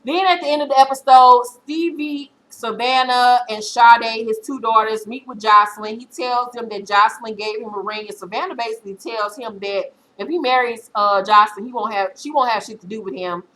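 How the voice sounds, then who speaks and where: A woman in her thirties rattles through a reality-TV recap in a casual, blunt, profane way. Her voice is bright and forceful, sitting a bit high. She tells the story with animated energy. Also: moderate pace, few pauses, low-quality recording. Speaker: TV recap vlogger.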